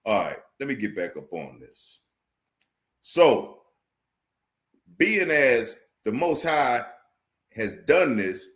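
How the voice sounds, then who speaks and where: Forceful preaching man, repeating himself. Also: mid-range voice. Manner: forceful, preachy, repeats phrases, quotes scripture; addresses viewers directly, asks "you understand?". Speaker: street preacher teaching a class. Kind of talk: livestream sermon.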